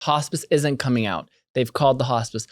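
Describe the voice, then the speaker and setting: A man's voice: medium pitch, fairly quick, no room sound. A man from a hospice team on a podcast, making brief, matter-of-fact remarks. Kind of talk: podcast interview.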